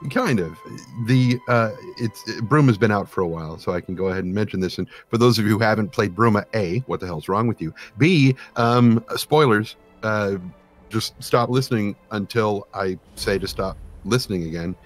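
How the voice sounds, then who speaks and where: A man's voice: lowish voice, moderate pace, faint music behind. A man who voices game characters, chatting casually and jokingly on a modding stream. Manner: animated, joking, with laughter. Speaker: voice actor on a modding team stream.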